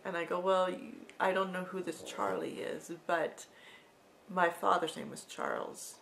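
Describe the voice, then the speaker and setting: A middle-aged woman telling an emotional personal story in a vlog, halting and sometimes dropping to a soft whisper. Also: on the low side, fairly even intonation, creaky, a little hiss or hum. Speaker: vlogger.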